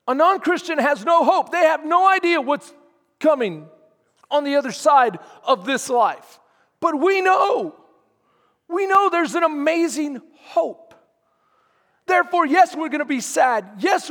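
A man's voice: extremely high pitch, a bit bright, long reverb tail. A man preaching a sermon as pastor, emphatic and quizzing his congregation. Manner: emphatic, asks the congregation questions.

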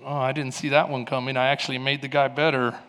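A male preacher voicing a smug devil who has just been outwitted, in his own voice, lower and softer than his sermon delivery, with a long hall echo. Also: little pitch movement, quick pace, natural voice. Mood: baffled. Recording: long reverb in a large hall.

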